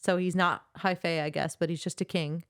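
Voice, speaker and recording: Young woman co-host, lowish voice, easy plot recap, dry close sound. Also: a little fast, clear, resonant tone, dry recording. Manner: recaps plot in a relaxed, friendly way. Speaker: podcast co-host. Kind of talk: casual book chat.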